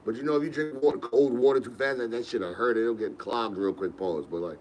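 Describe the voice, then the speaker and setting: A man's voice: mid-range voice, a little fast, a little mellow, slight background noise, low-quality recording. A young man, hosting a podcast and telling rambling, laid-back stories with laughs. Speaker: podcast host. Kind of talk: casual storytelling.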